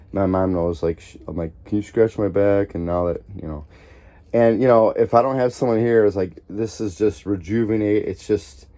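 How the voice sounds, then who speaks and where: A man with a fairly low, mellow voice talks loosely to the camera. His vlog rambles from one thing to another in easy, chatty bursts, with faint background noise behind him. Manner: chatty, scattered, jumps between topics. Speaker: vlogger. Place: at home, then outdoors in a store parking lot.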